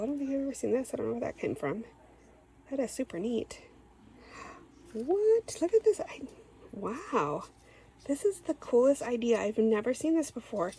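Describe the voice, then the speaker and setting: A woman's voice: fairly high pitch, creaky, warm tone, a little hiss or hum, poor audio. A woman hosting a craft channel, unboxing a swap package. She gushes and gasps over each item and often says "oh my gosh.".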